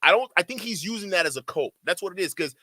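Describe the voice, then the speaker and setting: A man's voice: high voice, expressive, fast, sharp tone, dry recording. A man streaming his reaction to a clip, mocking and ranting, with a slight stutter. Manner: mocking, mimics others in exaggerated voices; stutters at times. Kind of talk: heated reaction commentary.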